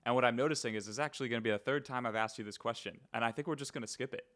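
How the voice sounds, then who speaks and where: A man's voice: mid-range voice, rapid-fire, fairly bright tone. A man hosting a podcast, asking questions in an easygoing way. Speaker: podcast host. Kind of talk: casual podcast interview.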